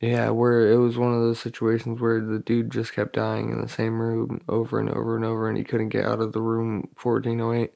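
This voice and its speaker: A man's voice: lowish voice, completely flat delivery, fairly quick, vocal fry, few pauses, darkish tone. A young man co-hosting a casual podcast chat, loose and profane, with many fillers. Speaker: podcast co-host.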